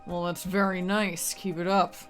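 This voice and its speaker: A woman's voice: fairly low pitch, level tone, moderate pace, soft background music, natural voice. A woman voicing a tough male detective in game dialogue, dry, wisecracking and defiant. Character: tough male detective, lone wolf father. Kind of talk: reading game dialogue aloud.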